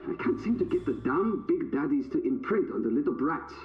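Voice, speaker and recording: A man's voice: fairly high pitch, very animated, brisk, muffled recording. A man voicing a cold, callous male scientist who talks in a curt, contemptuous way. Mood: irritated. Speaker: scientist in a recorded message. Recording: echoey game audio with music.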